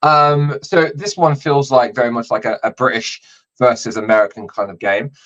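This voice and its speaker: A man's voice: mid-range voice, fairly even intonation, moderate pace, fairly bright tone. Filler-heavy male podcast host, dull audio. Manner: explains rules with many fillers. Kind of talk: casual sports podcast chat.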